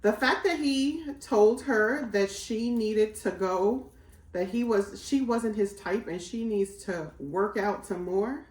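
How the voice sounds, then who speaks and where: A woman's voice: medium pitch, slow, darkish tone, echoey room. A woman in her forties, chatting casually as a vlogger while cooking at home, rambling with lots of fillers. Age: 40s.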